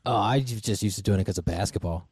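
A man's voice: on the low side, quick pace, darkish tone, slightly rough, no room sound. A man co-hosting a casual chat, cracking jokes and rambling in loose asides. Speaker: podcast co-host.

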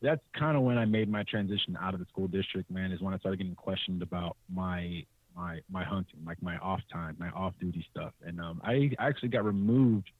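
Lively low-voiced man telling stories. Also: a little fast, hardly any pauses, no echo. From California. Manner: animated, acts out quotes in a higher voice, laughs often. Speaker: podcast guest, hunter. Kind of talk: casual storytelling. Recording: tinny, dry remote call audio.

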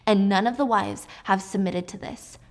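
A woman's voice: medium pitch, normal speed, a crowd in the background. A woman vlogger casually recapping a movie while baking, chatty and playful.

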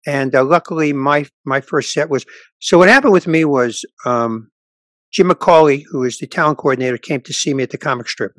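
A man's voice: mid-range voice, moderate pace, dry recording. A man in his sixties, a stand-up comedian, telling stories in a casual podcast chat and acting out the dialogue. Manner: animated storyteller acting out dialogue.

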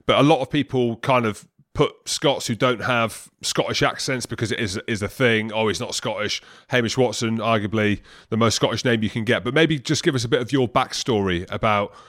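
A man's voice: medium pitch, fairly quick, hardly any pauses, a bit bright, no echo, clean studio sound. Chatty bantering male podcast host. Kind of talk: casual chat.

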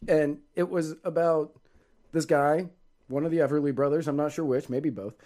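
A man's voice: fairly high pitch, fairly even intonation, moderate pace, warm tone. A man co-hosting a live show, chatting in a joking, wry way. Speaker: podcast co-host. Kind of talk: casual live show banter.

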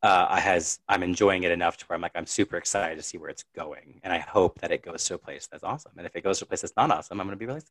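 Podcast co-host, male, low voice, rapid rambling delivery, laughs a lot, dry booth sound. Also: fairly bright tone, no echo. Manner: rambling, chatty, laughs often. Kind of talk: casual chat.

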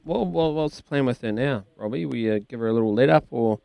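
Smooth-voiced New radio host. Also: male voice, mid-range voice, a little fast, warm tone, dry recording. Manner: chummy, says mate often. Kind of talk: radio sports interview.

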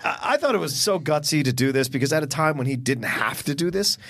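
A man co-hosting a casual film discussion podcast, enthusiastic and talking in quick bursts with restarts. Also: fairly high pitch, expressive, a bit bright, dry recording. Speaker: podcast co-host.

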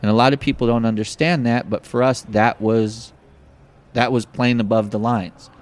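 A man telling a personal story in an interview, animated and acting out the voices of the people in it. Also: medium pitch, moderate pace. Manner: animated, acts out quoted voices. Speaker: guest.

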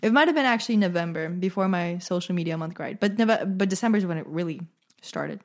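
A woman's voice: fairly low pitch, expressive, fast talker. Chatty young woman hosting her podcast. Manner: chatty and self-amused, laughs at own jokes. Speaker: podcast host. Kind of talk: casual solo podcast monologue.

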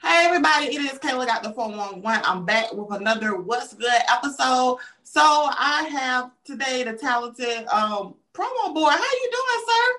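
A woman's voice: sits high, expressive, moderate pace, hardly any pauses, sharp tone. A woman hosting an interview show, asking questions in an upbeat, chatty way. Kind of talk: casual interview. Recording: echoey, distant mic.

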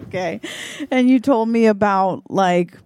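A woman's voice: medium pitch, a little slow, a little mellow, clear, resonant tone, no room sound. A woman co-host improvises a goofy romance plot, talking in a loose, chatty way full of fillers and giggles. The sound is dry and close, with no room around her voice. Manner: giggly, chatty, lots of likes and ums. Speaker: podcast co-host. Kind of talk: improvised comedy chat.

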